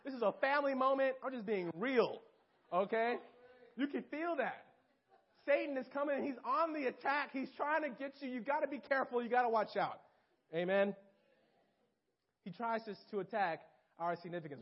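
High-voiced young preacher, lo-fi. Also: male voice, a little fast. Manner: animated, talks straight to listeners, acts out quotes. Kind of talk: informal sermon. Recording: dull lo-fi recording.

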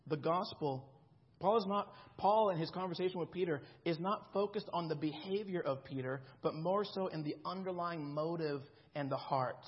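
A man's voice: a little high, moderate pace, slightly rough, highs cut off. A man in his thirties preaching a sermon in a conversational way, often checking in with the congregation. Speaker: pastor.

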